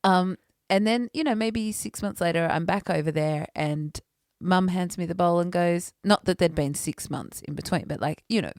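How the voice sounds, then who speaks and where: With a lowish voice, this woman co-hosts a podcast, chatting casually, recounting stories and laughing frequently. There's no room sound, and the audio is studio quality.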